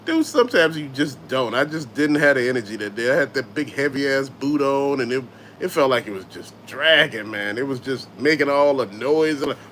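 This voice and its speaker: A man's voice: medium pitch, a bit bright, a little hiss or hum. A middle-aged man with a Southern US accent hosting a casual livestream, telling stories loosely and swearing freely while he answers chat. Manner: laid-back, swearing, storytelling, reads chat aloud. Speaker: toy collector livestream host.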